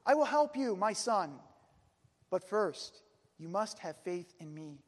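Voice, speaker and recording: A man voicing a majestic divine voice that booms down a gorge. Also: big pitch swings, slow, big-room sound, exaggerated voice. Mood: commanding. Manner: booming, solemn. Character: majestic booming divine voice from above.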